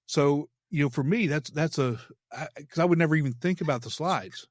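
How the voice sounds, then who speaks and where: A man hosting an interview podcast in casual chat, talking haltingly with many restarts. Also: on the high side, no echo, studio quality. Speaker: podcast host.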